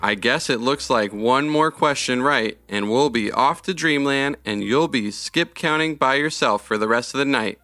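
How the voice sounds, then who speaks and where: Man doing a proud smirking schoolgirl, bright tone, children's story, faint music. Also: mid-range voice, normal speed, few pauses, no echo. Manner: smug, proud.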